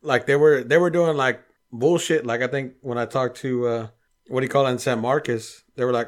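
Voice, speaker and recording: A man's voice: mid-range voice, steady tone, fairly quick. A man, chatting casually on a podcast and telling profane stories with quoted voices. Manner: profane storyteller, acts out quoted people. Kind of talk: casual chat.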